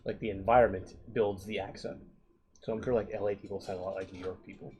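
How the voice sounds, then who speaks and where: A man's voice: fairly low pitch, fairly even intonation, fast, a little mellow, slight background noise. A man co-hosting a casual podcast, blunt and profane, packing his speech with "like". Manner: blunt, profane, heavy use of "like". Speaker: podcast co-host. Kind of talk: casual chat.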